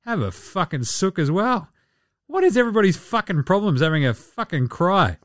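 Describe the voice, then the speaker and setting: A man's voice: high voice, big pitch swings, normal speed, dry recording, clean studio sound. A man hosting a casual sports podcast, swearing freely and mocking players with sarcastic impressions. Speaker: podcast host.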